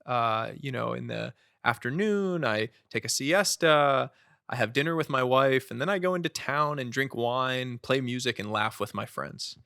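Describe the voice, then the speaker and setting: A man voicing a calm, contented adult fisherman in a told story, speaking in an unhurried way. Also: medium pitch, gravelly, clear, resonant tone, no room sound, studio quality. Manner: relaxed, unhurried.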